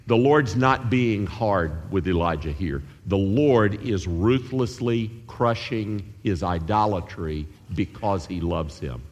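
A man preaching a sermon, animated and acting out the voices of biblical figures. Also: lowish voice. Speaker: pastor. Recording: long hall reverb.

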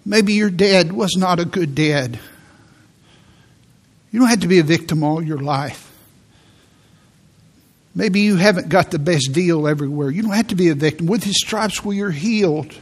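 A man giving a sermon as a pastor, preaching in a church with slow, emphatic delivery and repeated key words. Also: a little high, breathy edge. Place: church sanctuary.

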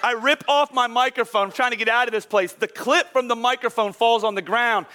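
A man preaching as a pastor, telling a funny personal story in a lively, self-deprecating way before giving sermon points. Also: very high-pitched, brisk, a little hiss or hum. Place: church auditorium.

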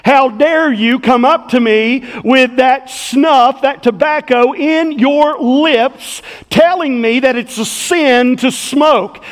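A man's voice: very high-pitched, slow, hardly any pauses, big-room sound. A man voicing an indignant male preacher who scolds a churchgoer.

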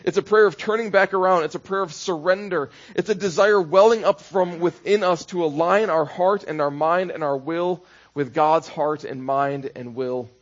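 A man's voice: a little high, moderate pace, dull audio. A man preaching a sermon as pastor, conversational, building into rhythmic repeated phrases.

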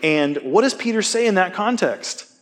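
A man who teaches, giving a casual sermon and telling stories in an emphatic, animated, conversational way. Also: sits high, moderate pace.

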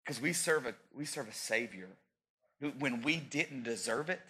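Bright-voiced man preaching a sermon. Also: mid-range voice, expressive, moderate pace. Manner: preaching with sudden loud peaks, joking asides. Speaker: pastor.

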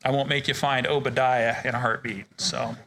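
Guy leading a men's bible study, jokey and casual, bright voice. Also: mid-range voice, fairly even intonation, normal speed, slight background noise. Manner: casual, joking, restarts sentences. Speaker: men's ministry teacher. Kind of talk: informal Bible study teaching.

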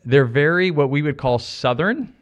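A middle-aged American man preaching a sermon, animated, repeating phrases for emphasis and joking with the congregation. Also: on the high side, moderate pace. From United States. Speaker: pastor.

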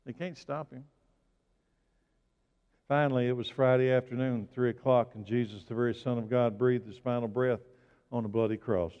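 A man preaching a sermon, swinging from loud exclamations to hushed, slow lines. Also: medium pitch, fairly even intonation, smooth. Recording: dull sound with long hall reverb.

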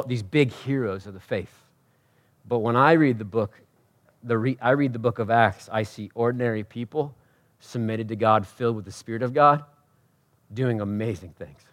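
A pastor delivering a sermon, rising to loud emphatic peaks and dropping to quiet, personal asides, talking conversationally and asking the congregation questions. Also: male voice, moderate pace. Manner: swings from loud preaching peaks to quiet intimate lows; conversational, self-correcting, asks the crowd.

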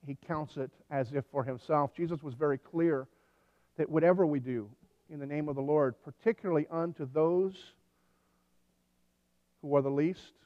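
A man preaches a sermon in a relaxed, conversational way, slipping in dry jokes and telling stories with animation. His voice sits a little high for a man. The sound is dull and lo-fi, with a long reverb from a large hall. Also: normal speed, long pauses. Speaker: pastor.

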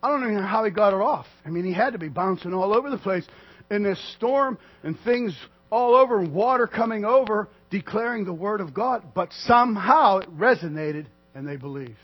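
Husky, high-pitched male preacher talking casually to a small flock, soft then loud, on a muffled recording with hum. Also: lively intonation, brisk. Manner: conversational, swings from soft to loud, acts out quotes. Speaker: pastor. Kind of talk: sermon. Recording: dull lo-fi sound with mains hum.

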